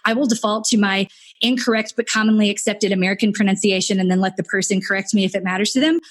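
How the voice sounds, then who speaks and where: A woman hosting a podcast, chatting casually in an animated, rambling way. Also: mid-range voice, quick pace. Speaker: podcast host. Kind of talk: casual chat.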